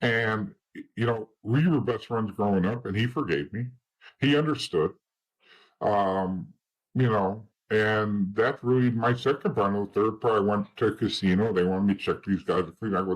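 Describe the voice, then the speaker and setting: This is a middle-aged man with a New Jersey accent whose low, husky voice carries a blunt, streetwise edge. He swears freely and acts out the people in his story with quoted dialogue. The talk stays casual and unpolished throughout. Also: normal speed, poor audio. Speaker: interview guest, former informant.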